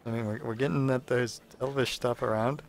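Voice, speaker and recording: A man's voice: medium pitch, steady tone, brisk, creaky. Sarcastic man chatting over gameplay. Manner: sarcastic, rambling, joking. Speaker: let's play host. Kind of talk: casual gameplay commentary.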